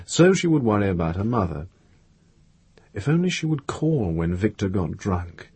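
A man reading a novel aloud in steady, measured scripted narration. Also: lowish voice, husky, no room sound.

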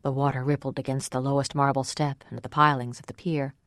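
An audiobook narrator reading a novel in first person with measured, even storytelling. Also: medium pitch, dry recording, studio quality. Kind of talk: scripted narration.

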